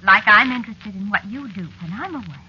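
A sharp, bright-toned witch wife teases her husband with purring menace. Her high voice jumps lightly up and down. It comes through a dull, muffled old radio recording. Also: expressive, brisk, a little hiss or hum. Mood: sly menace. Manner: purring, sly, mocking. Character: jealous teasing witch wife, coolly menacing. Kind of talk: 1940s radio acting.

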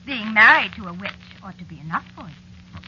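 A sharp, bright-toned witch wife teases her husband with purring menace. Her high voice jumps lightly up and down. It comes through a dull, muffled old radio recording. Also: animated, a little fast, slight background noise. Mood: sly menace. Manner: purring, sly, mocking. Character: jealous teasing witch wife, coolly menacing. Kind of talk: 1940s radio acting.

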